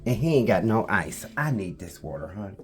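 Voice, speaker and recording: A woman's voice: very deep voice, big pitch swings, fairly quick. Lady chatting to her camera, keeps repeating herself for emphasis, talks to her dog between points. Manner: breaks off to talk to her puppy. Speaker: vlogger. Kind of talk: casual talk to camera.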